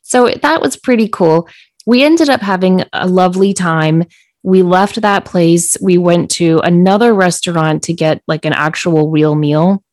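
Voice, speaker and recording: A woman podcast co-host telling a story in casual chat, acting out quoted lines in a higher voice. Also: a little slow, darkish tone, dry recording.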